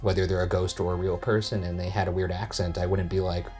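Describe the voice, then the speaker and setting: A man's voice: low voice, fast talker, soft background music. An American man co-hosting a casual chat, telling stories and acting out the things people said to him. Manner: animated storyteller, acts out quoted exchanges. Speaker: co-host.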